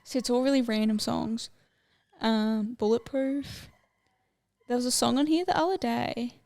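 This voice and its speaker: A woman's voice: a little high, measured pace, creaky, darkish tone. A young woman co-hosting a podcast, chatting casually and rambling from one topic to the next. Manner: chatty, rambling, easily sidetracked. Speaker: podcast co-host. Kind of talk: casual chat.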